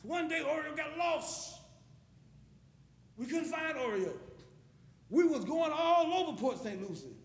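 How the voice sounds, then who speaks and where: A man preaching a sermon, telling stories and building to impassioned shouts. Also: extremely high pitch, big pitch swings, unhurried, long pauses. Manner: impassioned, storytelling, rising to shouts. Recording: echoey hall with long reverb.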